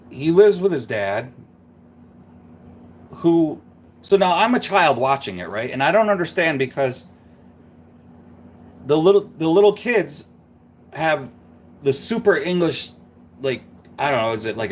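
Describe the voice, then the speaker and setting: Animated, rambling man chatting. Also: on the high side. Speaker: live stream host. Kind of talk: casual chat.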